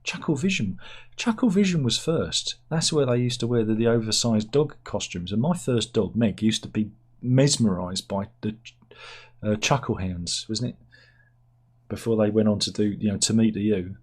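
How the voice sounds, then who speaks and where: A man's voice: lowish voice, moderate pace, slightly rough. A man hosting a casual satirical news chat, rambling and interrupting himself with asides. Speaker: host reading news stories.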